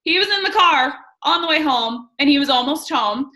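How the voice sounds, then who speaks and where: A woman in her thirties tells her team a personal story and coaches them. Her voice sits fairly high and sounds bright and forceful. She talks candidly and emphatically, with lots of fillers. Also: lively intonation, moderate pace, rough recording. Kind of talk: personal story and motivational talk.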